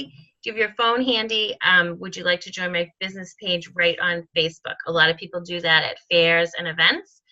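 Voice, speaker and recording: A woman's voice: lowish voice, pushed and bright. A woman giving a casual training talk to her sales team, chatty with many ums, acting out sample conversations. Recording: dull lo-fi recording.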